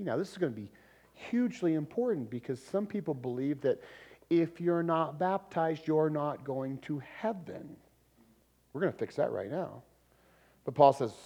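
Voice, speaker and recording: A man preaching a sermon in a lively, conversational way, with laughs and sudden loud emphasis. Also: on the high side, measured pace. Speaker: pastor.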